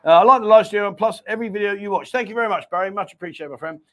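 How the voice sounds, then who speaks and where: A middle-aged man with a high-pitched voice hosts a casual livestream chat. He rambles from story to story, animated and full of asides, reading out viewer comments as he goes. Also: rapid-fire. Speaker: livestream host.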